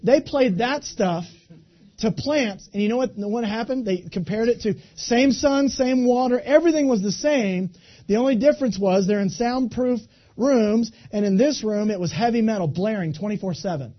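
A man in his twenties giving an animated, folksy motivational talk, speaking directly to a live audience. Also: sits high, moderate pace, muffled recording. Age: 20s.

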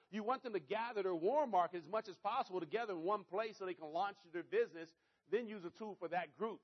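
A man with a notably high voice delivers a motivational sales talk, coaching his listeners directly. He tells his stories animatedly and leans on repeated catchphrases. The recording is dull and lo-fi. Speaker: network marketing speaker.

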